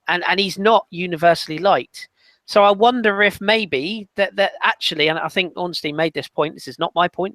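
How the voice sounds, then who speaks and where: A man on a football podcast panel, talking casually with animated emphasis and frequent restarts. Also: fairly high pitch, dry recording.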